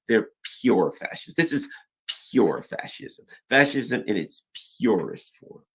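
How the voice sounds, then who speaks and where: Gravelly, sarcastic male commentator. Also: medium pitch, very animated, slow pace. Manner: mocking, heavy sarcasm with mock voices. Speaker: political commentary host. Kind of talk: sarcastic news commentary monologue.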